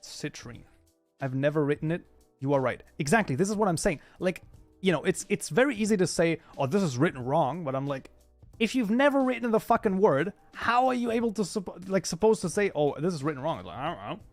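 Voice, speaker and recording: A man's voice: high voice, big pitch swings, fairly quick, dry recording, soft background music. A young man with a German accent, hosting a livestream in a loose, casual chat that is full of swearing and laughter. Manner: talkative, swears freely, laughs often. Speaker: livestream host.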